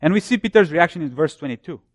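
A man preaching a sermon, building his points through repeated phrases and dropping low and soft when he cites scripture. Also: expressive, fast talker, no echo, clean studio sound.

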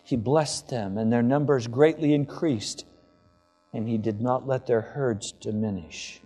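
A man's voice: mid-range voice, a little slow, dark tone, soft background music. A male pastor delivering a sermon to his congregation, building to fervent declarations. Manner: impassioned preaching, rising to fervent declarations.

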